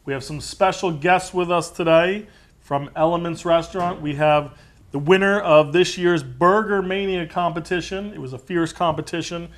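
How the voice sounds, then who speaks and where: Man, cooking show host, jokey banter, slightly high voice. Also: steady tone, normal speed. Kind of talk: casual studio chat.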